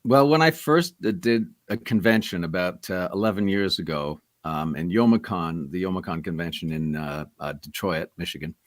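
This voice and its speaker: Guest voice actor, middle-aged man, very low voice, rambly anecdotes, dry close sound. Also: normal speed, hardly any pauses, no echo. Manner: rambling, many restarts and asides. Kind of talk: casual interview storytelling.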